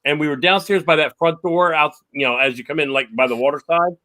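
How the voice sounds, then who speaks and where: A man with a somewhat high voice chats on a podcast as a paranormal investigator guest. He tells his stories with animation and acts out the quotes. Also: steady tone, fast, bright, forceful tone. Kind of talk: casual podcast chat.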